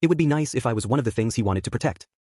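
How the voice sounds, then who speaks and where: Resolute young swordswoman, read by a man; brisk, slightly husky audiobook delivery. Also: mid-range voice, animated, mellow, no room sound, clean studio sound, close to an everyday voice. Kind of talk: audiobook reading.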